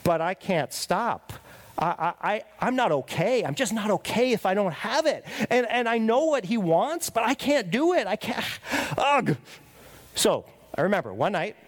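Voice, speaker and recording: Middle-aged man, pastor, sermon; high, very animated delivery, confessional and emphatic. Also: moderate pace. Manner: confessional, emphatic, rhetorical "right?" tags; drops to quiet, earnest prayer voice.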